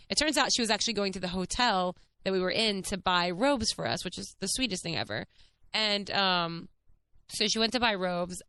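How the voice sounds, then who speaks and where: A woman in her thirties tells a story on her podcast in a chatty, lively way. Her voice is smooth and clear, and she laughs easily and swears casually as she talks. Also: on the low side. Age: 30s. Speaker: podcast host.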